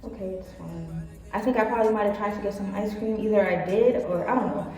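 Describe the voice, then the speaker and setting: A woman's voice: medium pitch, fairly even intonation, fast talker, darkish tone. A young woman telling a personal story in a casual vlog, rambling with lots of fillers and acting out what people said. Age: young adult. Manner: rambling, filler-heavy, acts out quotes. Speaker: vlogger. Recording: echoey room, far from mic, faint music.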